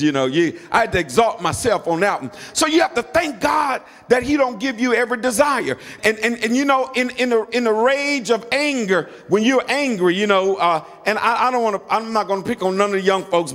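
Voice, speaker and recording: A middle-aged man with a high voice preaches a sermon in a church, his words trailing off into a long hall reverb. He drives points home by repeating phrases and urging the congregation to answer back. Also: a little fast, hardly any pauses, fairly bright tone. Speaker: pastor.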